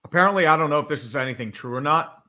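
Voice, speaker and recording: A man's voice: fairly high pitch, racing, sharp tone. A man co-hosting a casual podcast, rambling and hedging, with plenty of swearing. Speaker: podcast co-host. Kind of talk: casual chat.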